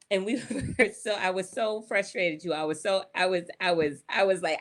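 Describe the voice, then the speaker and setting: A woman telling personal stories in an animated, folksy way, often laughing as she talks. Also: mid-range voice, normal speed, hardly any pauses. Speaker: panel speaker. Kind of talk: personal storytelling.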